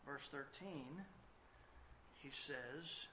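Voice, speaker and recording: A man preaching a sermon as pastor, swinging from quiet talk to loud emphatic preaching. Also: a little high, slow pace, long pauses. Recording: slightly dull sound with faint noise.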